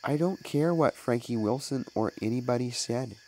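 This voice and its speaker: A man's voice: medium pitch, normal speed, dark tone, lightly acted, poor audio. A man voicing an earnest mother who questions her son in decided tones.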